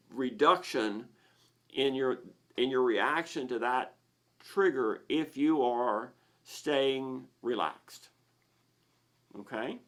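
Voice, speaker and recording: A man hosting a live Q&A, explaining in a plain way with frequent restarts and repeated words. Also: mid-range voice. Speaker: host of a misophonia Q&A.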